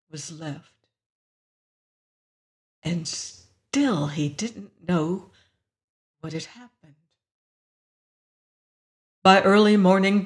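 A narrator reading a science fiction story aloud in a measured, deliberate way. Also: mid-range voice.

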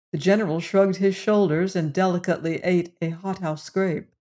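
A narrator reading a short story as an audiobook in a measured, deliberate way. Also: medium pitch, fairly even intonation, warm tone.

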